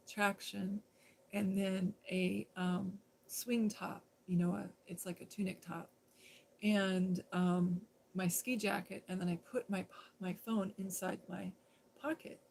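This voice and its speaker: Woman on a livestream rambling through a story, kinda gravelly fry in her voice, lots of ums. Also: mid-range voice, a little mellow, poor audio. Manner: rambling, conversational, many fillers and restarts. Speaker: live streamer. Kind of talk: casual spoken storytelling.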